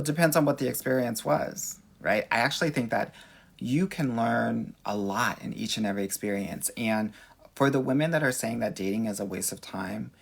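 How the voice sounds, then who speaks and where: A sassy, animated man from Los Angeles with a Valley accent, a dating coach answering viewer questions on a livestream. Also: on the low side, creaky, breathy edge.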